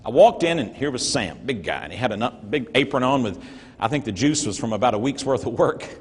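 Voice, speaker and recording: Telling a story before a live crowd in a big hall, this North Georgia man, middle-aged, sounds animated and brisk, with a husky mid-range voice. He's an earnest, folksy motivational speaker whose volume rises and falls for emphasis.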